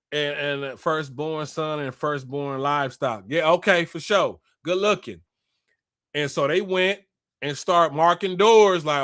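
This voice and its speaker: A man retelling a scripture story in a casual, profane and animated way, acting out the people in it. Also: fairly high pitch, dry recording, studio quality. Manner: animated, profane, slangy, acts out quotes. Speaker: spiritual commentator.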